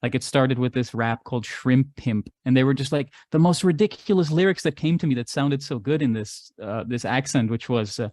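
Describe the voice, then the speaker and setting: A man's voice: mid-range voice, lively intonation, brisk, hardly any pauses, darkish tone, no room sound, clean studio sound. A man talking at length in casual conversation, telling stories and musing philosophically. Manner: expansive, philosophical storytelling. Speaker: regular podcast guest, artist and musician.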